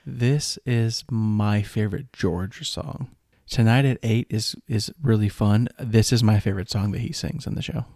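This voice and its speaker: Relaxed casual male podcaster. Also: on the low side, unhurried, hardly any pauses, dry recording, clean studio sound. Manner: relaxed, checking in with questions. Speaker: podcast co-host. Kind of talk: casual chat about a musical.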